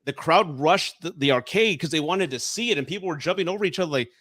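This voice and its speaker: A man's voice: on the high side, expressive, quick pace, a bit bright, no room sound, clean studio sound. A man in his forties, a guest on a casual podcast chat, telling nostalgic stories with many restarts. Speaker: guest reviewer.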